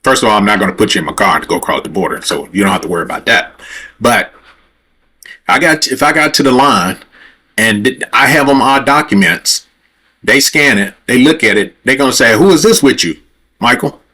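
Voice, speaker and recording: A man's voice: on the low side, fairly quick, sharp tone. A man hosting a livestream, telling a story in a rambling, conversational way straight to his viewers, and growing heated and profane as he retells a confrontation. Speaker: livestream host.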